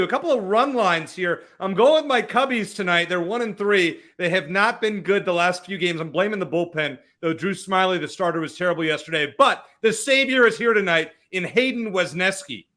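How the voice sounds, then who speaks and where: Male betting analyst: bright, fairly high voice, upbeat, stat-heavy picks. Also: brisk, hardly any pauses.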